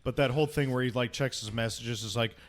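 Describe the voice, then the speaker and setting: A man's voice: mid-range voice, steady tone, fast. A man on a movie podcast panel, chatting casually and throwing in crude jokes. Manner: crude, joking asides. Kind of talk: casual movie-review chat.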